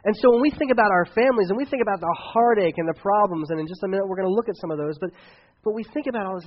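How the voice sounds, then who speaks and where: A pastor giving a casual, conversational sermon with joking asides. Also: male voice, high voice, fast talker, muffled recording.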